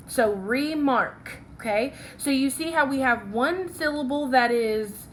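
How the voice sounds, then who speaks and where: Slow, patient woman teaching phonics. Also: sits high, lively intonation, fairly bright tone, a little hiss or hum. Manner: slow, patient, checks in with "okay?". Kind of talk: phonics lesson, writing along.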